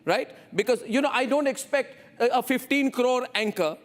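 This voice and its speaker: Male debate anchor, high-pitched, forceful, interrupting. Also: moderate pace. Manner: forceful, interrupting, repeats demands. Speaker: TV news anchor. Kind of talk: heated studio debate.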